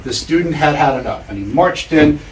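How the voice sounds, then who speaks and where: A man giving a storytelling lecture in a measured way with deliberate pauses, in a lecture room. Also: a little high, expressive, slight background noise. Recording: roomy hall, mic far off.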